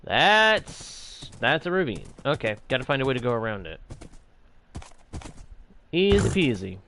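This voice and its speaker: A man's voice: mid-range voice, big pitch swings, racing, a bit bright, slight background noise. A man casually commenting on his own game as he plays, playful and jokily grumbling to himself. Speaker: gaming channel host.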